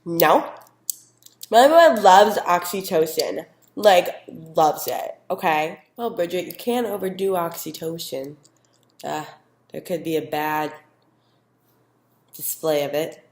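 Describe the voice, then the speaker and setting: A gossipy, clingy girlfriend chatters along, dropping "like" at every turn, as a young woman plays her. Her voice is a little low. The room around her echoes. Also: slow pace, long pauses, darkish tone. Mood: confiding. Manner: casual, valley-girl "like" fillers. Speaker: interviewee in a mock news segment.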